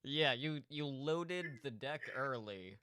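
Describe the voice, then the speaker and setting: A man co-hosting a casual podcast chat, talking in a measured way and laughing often. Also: medium pitch, lively intonation, crowd noise. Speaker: podcast co-host.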